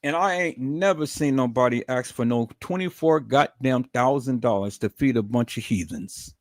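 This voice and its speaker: At normal speed and medium pitch, a middle-aged livestream commentator vents his anger, clean studio sound with no echo. Swearing and indignant, he repeats words as he gets worked up, hollers at his "peoples" and flares into loud outbursts.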